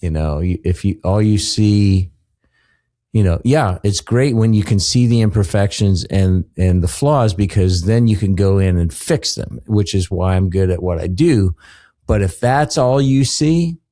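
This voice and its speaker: A man talks as a podcast guest in a measured, unhurried way, his voice low and mellow. He speaks earnestly and reflectively, stretching out his exclamations. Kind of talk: podcast conversation.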